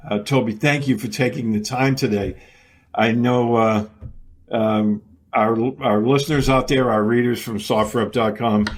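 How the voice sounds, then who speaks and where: A man's voice: mid-range voice, slightly rough. A man with a Boston accent, hosting a podcast and chatting in a hesitant way with many fillers. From United States. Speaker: podcast host. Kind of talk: casual podcast interview.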